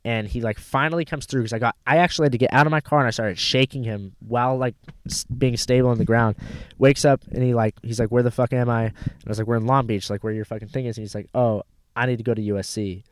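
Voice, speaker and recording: A man in casual chat, telling a rambling story full of swearing and animated retellings of what people said. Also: mid-range voice, fast talker, no room sound. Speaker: rideshare driver telling a story.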